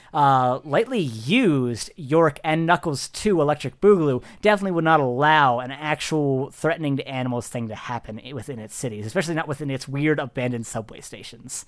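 A game master narrating a tabletop game in a giggly, rambling, animated way. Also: medium pitch, normal speed.

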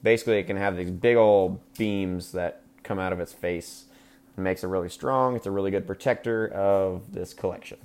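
A man's voice: low-pitched, fairly even intonation, moderate pace, darkish tone. A man hosting a podcast, recapping a movie in a casual, crude, joking way full of fillers. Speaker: podcast host.

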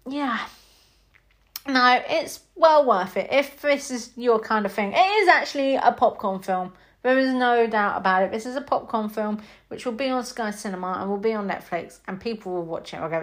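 A woman's voice: fairly low pitch, a bit bright. A woman with a British accent giving a chatty, rambling film review, full of fillers and acted-out reactions. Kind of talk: casual spoken film review.

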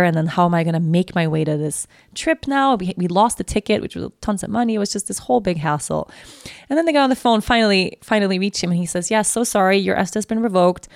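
Chatty woman with a gravelly edge. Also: on the low side, no room sound, clean studio sound. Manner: chatty, animated, heavy use of "like". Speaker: podcast host. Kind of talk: casual storytelling monologue.

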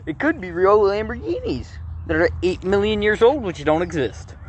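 A man's voice: high-pitched, sing-song, normal speed, slight background noise. A man co-hosting a casual chat, easygoing and rambling, who often chuckles and stops to restart his plans. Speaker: co-host.

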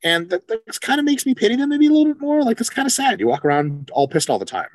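A man co-hosting a casual podcast chat, animated and profane, acting out quoted exchanges as he talks. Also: extremely high pitch, quick pace, no echo. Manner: animated, swears freely, acts out quoted exchanges. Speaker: podcast co-host, coach.

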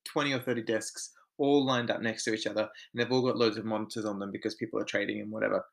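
A man's voice: lowish voice, little pitch movement, fast talker, gravelly. A man, co-hosting a podcast and telling work stories in casual chat, candid and swearing freely. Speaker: podcast co-host.

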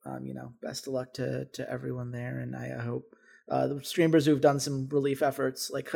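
Man, high voice, podcast co-host, casual chat, sarcastic asides. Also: creaky. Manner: wry, sarcastic.

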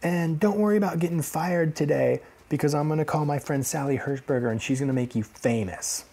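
A man voicing a brash, swearing woman comedian on stage, in a raised, loud voice. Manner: loud, raised falsetto-ish pitch, slowed.

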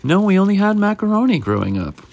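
A man voicing a fussy, hungry male health inspector from a storybook, in a slow, musing way, with a gravelly edge to his voice. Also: high voice, sing-song, a little mellow, muffled recording, pitched above the performer's own voice, full character voice.

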